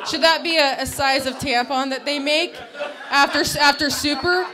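A woman's voice: sits high, steady tone, normal speed, a loud crowd. A woman performing a stand-up comedy set on a club stage, brash and crude, with self-deprecating punchlines. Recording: live club set with loud audience laughter. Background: audience laughing.

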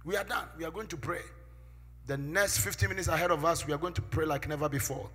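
A man preaching a sermon from the pulpit, with call-and-response, swinging from loud shouts to near-whispers. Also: a little high, fairly even intonation, fast, slightly rough. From Ghana. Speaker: pastor. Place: church sanctuary. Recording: echoey church hall with music behind.

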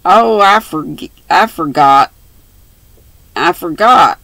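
A woman voicing an eager, earnest little girl who pleads and tries to please, speaking slowly with a gravelly tone. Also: fairly low pitch, animated, a bit bright, dry recording, exaggerated voice, poor audio.

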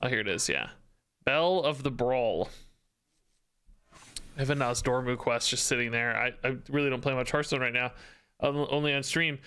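A man's voice: mid-range voice, normal speed, pauses often, bright, forceful tone, clean tone. A man streaming a card game, chatting casually, thanking subscribers and thinking aloud about his deck. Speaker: Twitch streamer. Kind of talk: casual live-stream commentary.

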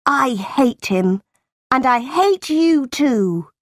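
A woman's voice: a little high, takes it slowly, no room sound, studio quality. A woman voicing a defiant ten-year-old orphan girl. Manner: defiant, earnest.

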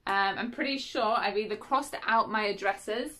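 A woman's voice: medium pitch, moderate pace, sharp tone. Giggly, self-correcting book vlogger, woman, casual at-home chat. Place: at home, unboxing parcels.

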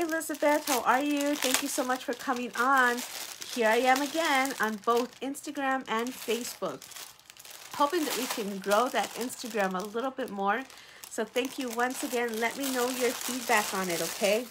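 A woman's voice: medium pitch, a little hiss or hum, poor audio. Chatty woman selling jewelry live. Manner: chatty, upbeat, greets viewers by name. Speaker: live-stream jewelry seller. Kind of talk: casual live sales chat.

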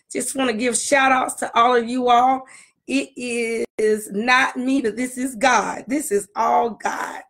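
High-voiced woman pastor greeting livestream viewers. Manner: warm greetings to viewers by name, repeats phrases. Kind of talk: casual livestream sermon greeting.

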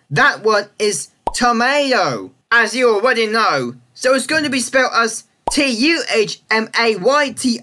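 A woman talks through an explainer video over slides in a casual, chatty way, often checking in with a rising "yeah?". Her voice is bright and her pitch moves around a lot as she explains. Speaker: video creator explaining spelling reform.

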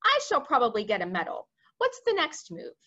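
A woman's voice: fairly high pitch, wildly swooping pitch, brisk, sharp tone, dull audio, full character voice. A woman voicing a self-important male army commander who blusters and talks down to others in a storybook reading. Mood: pompous. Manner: blustering, haughty.

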